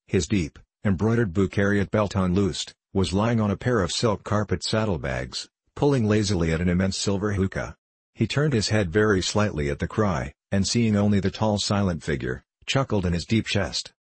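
Male audiobook narrator, deep and husky, measured delivery. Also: expressive, no room sound. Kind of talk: scripted narration.

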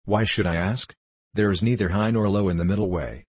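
Storybook role: a man doing a solemn elderly monk, deep and husky. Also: fairly even intonation, brisk, dry recording. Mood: serene. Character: calm, solemn old male Tibetan monk.

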